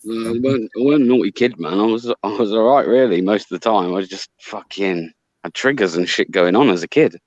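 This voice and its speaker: Deep-ish man, reflective and blunt, dull dry recording. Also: a little fast, darkish tone, dry recording. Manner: frank, sweary, reflective. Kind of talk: casual chat.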